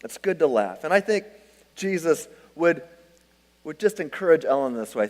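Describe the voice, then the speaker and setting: A middle-aged male pastor preaching a sermon, telling self-deprecating stories in an animated way. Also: fairly high pitch, moderate pace. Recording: long hall reverb.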